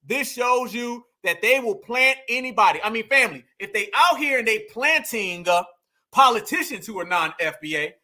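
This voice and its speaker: A man's voice: very high-pitched, animated, moderate pace, pushed and bright. A man giving emphatic reaction commentary on video clips, repeating himself and calling his viewers family. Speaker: political commentator.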